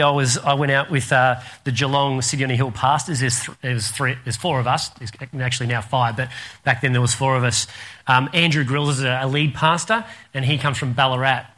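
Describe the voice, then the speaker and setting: Bright-voiced Australian pastor preaching. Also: male voice, a little high. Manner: animated storyteller, laughs through anecdotes. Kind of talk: sermon with storytelling.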